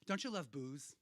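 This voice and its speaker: A man's voice: a little high, sharp tone. A man hosting a cabaret show, talking to the audience in rambling, irreverent stage banter, swearing freely. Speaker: cabaret host and performer. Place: hotel cabaret room.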